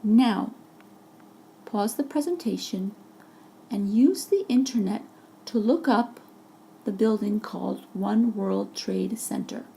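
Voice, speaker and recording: A woman teacher speaks slowly in a mellow, creaky, mid-range voice, pausing often. She narrates a vocabulary lesson as voice-over for slides, patiently explaining every word with examples.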